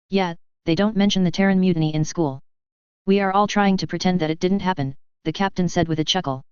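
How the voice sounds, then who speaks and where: A woman narrates a science-fiction tale in a low, very clear voice. The sound is dry and slightly dull. She reads the dialogue with light character voicing. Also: brisk, a little mellow, no echo. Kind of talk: audiobook reading of sci-fi fiction.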